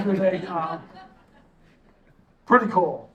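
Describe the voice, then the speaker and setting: A middle-aged man speaks from a stage in a lively, story-driven way, tossing in jokey asides. His voice sits fairly high for a man. The mic is some distance from him. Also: a little slow. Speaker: tourism consultant giving a community assessment. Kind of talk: public presentation to a town audience. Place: stage in a hall.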